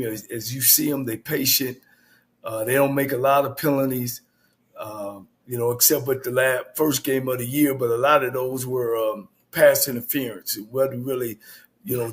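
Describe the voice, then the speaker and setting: Brief: male co-host, easygoing football analysis, lots of "you know". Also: medium pitch. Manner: easygoing, laid-back delivery with fillers. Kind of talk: casual sports talk.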